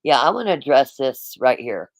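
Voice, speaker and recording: A man's voice: medium pitch, big pitch swings, moderate pace, no echo, rough recording. A man hosting a livestream, talking straight to his chat in a rambling, repetitive, casual way. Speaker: livestream host.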